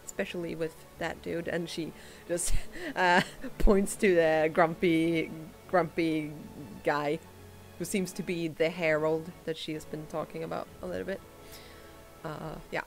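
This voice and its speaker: A woman running a tabletop game, narrating what happens. She talks slowly and haltingly, with frequent restarts, in a slightly low voice. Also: steady tone, faint music behind. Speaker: game master.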